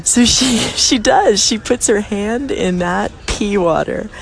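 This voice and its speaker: A woman hosting her own podcast, telling an anecdote in a casual, animated way and laughing often, recorded in a busy airport. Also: medium pitch, takes it slowly, creaky. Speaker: podcast host. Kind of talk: casual storytelling monologue.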